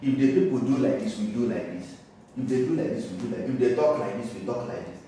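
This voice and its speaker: A man's voice: mid-range voice, lively intonation, fast talker, dark tone. A man with a Nigerian English accent giving a university lecture, explaining by repeating his points and chuckling now and then. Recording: very echoey room, distant mic, faint noise.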